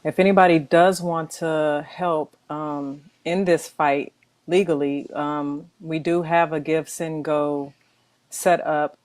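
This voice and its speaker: Woman guest talking steady and even, pretty flat, dry close sound. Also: sits low, no echo. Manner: measured, with hesitations and fillers. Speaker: guest audio expert. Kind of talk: interview.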